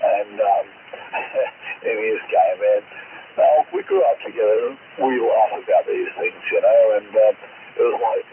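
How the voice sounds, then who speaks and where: A man's voice: mid-range voice, sing-song, moderate pace. A middle-aged Australian man chatting on CB radio, telling a rambling story and swearing constantly. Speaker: CB radio operator. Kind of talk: crude banter over radio. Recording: noisy tinny radio transmission.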